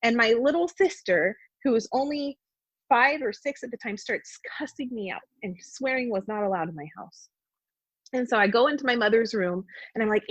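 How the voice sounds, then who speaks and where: Woman, earnest storyteller, husky voice, dry close mic. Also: a little high, lively intonation, moderate pace, dry recording. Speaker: podcast guest. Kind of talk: personal testimony in conversation. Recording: dull, dry podcast audio.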